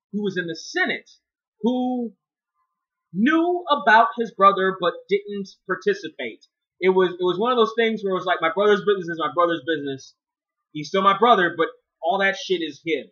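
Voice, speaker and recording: A man's voice: high voice, bright, forceful tone, dull audio. A man giving a casual spoken movie review, profane and rambling, often restarting his sentences.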